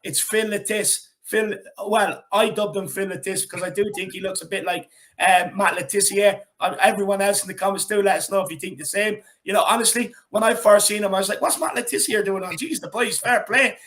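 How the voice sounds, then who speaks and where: A man hosts a lively fan call-in, talking in a high, bright voice. He rambles along, cracks jokes and keeps the energy hyped. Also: fairly quick, hardly any pauses. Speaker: host of a fan call-in show. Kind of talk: casual chat.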